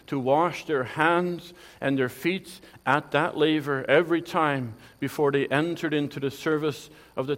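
A man's voice: a little high, in a large hall. A man preaching a sermon, earnest and emphatic, often restarting his phrases as he explains scripture. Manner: earnest, with frequent restarts and emphatic quoted lines.

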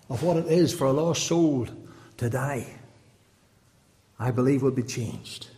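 A man delivers an impassioned evangelistic sermon at a mid-range pitch. He presses his listeners with repeated rhetorical questions. His voice rings out with a long reverb in a church hall. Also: measured pace, long pauses, warm tone. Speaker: preacher.

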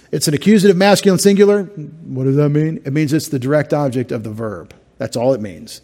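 The speaker is a middle-aged male pastor with a fairly high pitch and darkish tone. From a church sanctuary, he preaches expositorily, breaking down Greek words step by step and slipping in wry asides.

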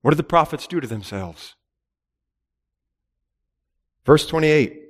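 A man's voice: a little high, animated, a little fast, in a large hall. A man preaching a sermon in an earnest, emphatic way, with repeated phrases and rhetorical questions. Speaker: pastor.

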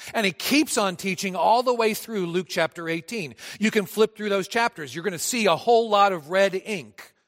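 A man preaching in a lively, conversational way, turning often to speak straight to his congregation. His voice sits a touch high for a man. It carries through a large church hall with long reverb. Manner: conversational, animated, addresses the congregation directly. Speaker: pastor. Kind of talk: sermon.

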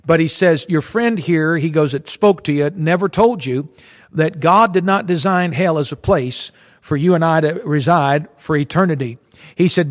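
Preacher with a raised voice in a long-reverb hall. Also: male voice, a little high, moderate pace. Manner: earnest, retells a story with quoted speech. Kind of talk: sermon storytelling.

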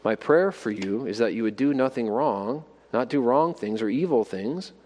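A man's voice: mid-range voice, expressive, moderate pace, a little mellow, big-room sound. A man preaching a sermon, asking his listeners rhetorical questions and building to emphatic exhortations. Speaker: pastor.

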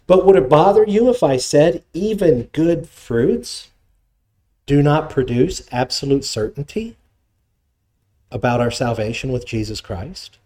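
A man preaching a sermon, with animated delivery and scripture quotations. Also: measured pace. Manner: animated preaching, dramatic pitch swings, reads scripture quotes. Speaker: pastor.

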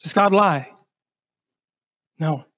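A man's voice: on the high side, extremely slow, bright, forceful tone. A male pastor preaching an emphatic sermon, putting rhetorical questions to his congregation and often repeating words as he starts a phrase.

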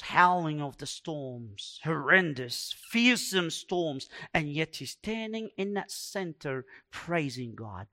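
Guy preaching a sermon, high bright voice, goes quiet then loud. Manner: dramatic preaching, swinging from hushed to loud; acts out quoted complaints in a raised voice.

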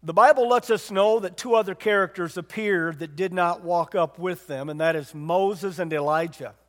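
Retelling a Bible story, a man preaches conversationally and asks his congregation questions. His voice sits high with a fairly bright tone, at normal speed, and the sound carries the feel of a big room.

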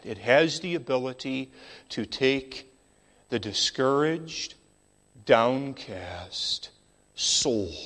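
A man preaching a sermon in a measured, emphatic style, sometimes dropping to a near whisper for emphasis. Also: mid-range voice, a bit bright.

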